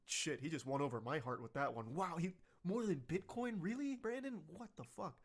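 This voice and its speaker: A man's voice: a little high, lively intonation, normal speed. Blunt, profane young man commenting. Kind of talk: reaction commentary.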